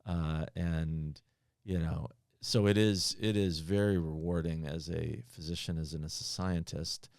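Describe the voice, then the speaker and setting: A man's voice: extremely low pitch, fairly even intonation, unhurried, a little mellow, no room sound, clean studio sound. A man in a podcast interview, a pharmaceutical executive answering earnestly with many fillers and restarts.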